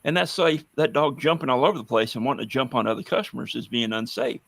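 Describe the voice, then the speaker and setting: A man's voice: medium pitch, fast, vocal fry, a bit bright, no room sound. A man telling blunt, wry stories in a casual podcast conversation. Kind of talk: casual anecdotal storytelling.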